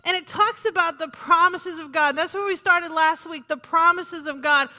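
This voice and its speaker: High bright woman preaching a sermon. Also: fairly even intonation, normal speed, long reverb tail. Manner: conversational with joking asides and repeated "Amen". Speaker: pastor.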